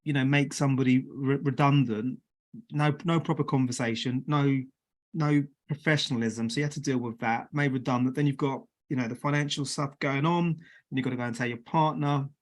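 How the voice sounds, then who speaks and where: A man's voice: mid-range voice, fairly even intonation, a little fast. A man hosts a podcast interview with an ordinary mid-range voice. He sounds encouraging and asks long, winding questions, often restarting as he goes. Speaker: podcast host.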